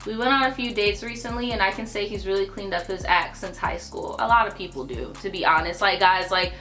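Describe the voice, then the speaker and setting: A woman's voice: mid-range voice, fairly quick, pushed and bright, soft background music. A young woman hosting a storytime channel, reading viewer stories aloud and cutting in with blunt, profane commentary. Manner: sassy, blunt, profane asides.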